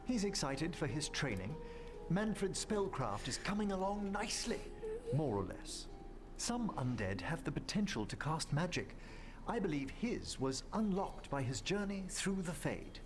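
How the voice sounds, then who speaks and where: An actor playing an elderly, gentle necromancer who speaks in a refined, measured and courteous way. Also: male voice, on the high side, big pitch swings. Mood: fond. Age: older. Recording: game audio over music. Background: game music.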